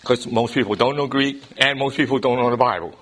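A man leads a Bible class in a lecture style, walking through each point step by step and pausing to check that his listeners follow. His voice sits at an ordinary middle pitch, and he often restarts phrases, repeating a word before going on. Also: a bit bright. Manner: repeats words when starting a thought. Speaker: Bible study teacher.

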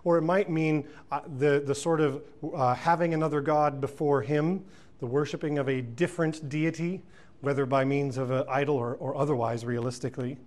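Thoughtful man teaching scripture, slightly higher voice. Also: steady tone, moderate pace, darkish tone. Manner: thoughtful, frequent fillers and self-corrections; reads scripture aloud then comments. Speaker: Bible teacher. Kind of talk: verse-by-verse Bible teaching.

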